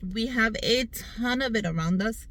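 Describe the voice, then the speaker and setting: Her voice runs a little high and a little slow, with a fairly bright tone, as this thirty-something vlogger talks directly to viewers from a car parked in the sun. She recounts her health story earnestly and cheerfully in a casual style, over poor audio.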